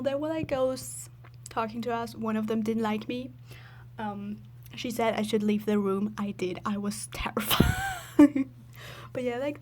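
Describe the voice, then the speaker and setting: Woman, higher voice, slow rambling storytelling voice-over, lots of "like", giggly, faint hum behind. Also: a little mellow. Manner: rambling, fills with "like", giggles often. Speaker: video creator.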